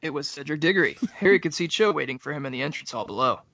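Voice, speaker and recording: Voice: mid-range voice, rapid-fire, dry recording. Podcast co-host reading aloud, lo-fi. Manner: reads narration, jokey and excitable. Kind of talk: casual chat, reading a novel aloud.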